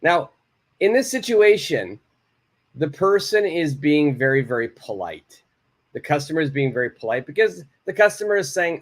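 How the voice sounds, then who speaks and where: A man's voice: fairly high pitch, sing-song, moderate pace. A man teaching an English lesson live from home, reading out viewers' answers and praising them. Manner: encouraging, reads out viewers' answers and models phrases.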